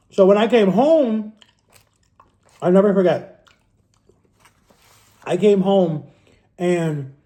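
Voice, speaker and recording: A man's voice: high voice, dark tone. A man in his thirties from Florida, telling his story to camera in a casual, candid way and correcting himself as he goes. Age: 30s. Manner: rambling and candid, self-correcting. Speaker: vlogger. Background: eating on camera.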